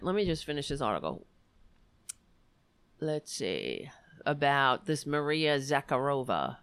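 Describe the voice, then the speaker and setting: A woman's voice: low-pitched, fairly bright tone, no echo. A woman hosting a livestream, reading news articles aloud and commenting on them with sarcastic, profane remarks. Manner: sarcastic and profane, with frequent self-interruptions. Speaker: livestream host.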